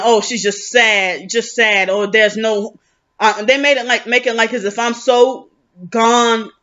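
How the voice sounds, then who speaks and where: A woman's voice: fairly high pitch, a bit bright, muffled recording. A woman venting in a rambling, aggrieved vlog monologue, often restarting her sentences. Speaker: vlogger.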